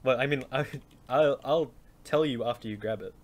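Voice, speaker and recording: A man's voice: mid-range voice, moderate pace. Easygoing man running a tabletop game. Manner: casual, joking, improvises rules on the fly. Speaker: dungeon master.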